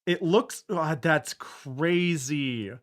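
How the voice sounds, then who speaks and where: A man streaming, reacting in casual commentary, excitable and ranting, laughing and exclaiming at what he sees. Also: on the high side, very slow.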